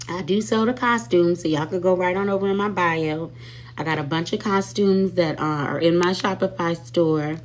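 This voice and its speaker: A woman chats on a live stream from home, talking sassily and directly to her followers. Her voice sits a little low, and it turns loud or quiet from one line to the next. A faint hum runs under the phone recording. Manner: sassy, talks straight to viewers, swings loud and soft. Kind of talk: casual live-stream chat.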